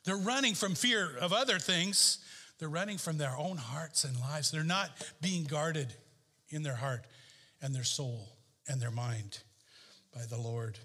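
A man preaching a sermon as pastor, emphatic and repeating key phrases, his pitch swinging up and down. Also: a little slow, sharp tone, long reverb tail. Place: church sanctuary.

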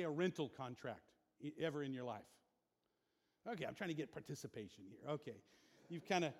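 A man's voice: a little high, a little mellow. A male pastor preaching a sermon to a congregation, asking them questions and building to impassioned emphasis. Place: church sanctuary. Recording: long hall reverb.

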